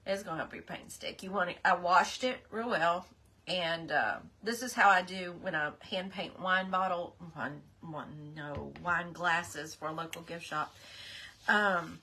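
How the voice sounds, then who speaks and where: A woman's voice: on the low side, measured pace, pushed and bright, a little hiss or hum. A middle-aged woman hosting a casual live craft stream, chatty and apologetic, greeting her viewers by name. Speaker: craft livestream host.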